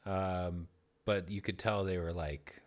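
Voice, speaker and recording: Young man, low-pitched, dry understated podcast talk. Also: steady tone, takes it slowly. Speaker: podcast co-host. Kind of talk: casual chat.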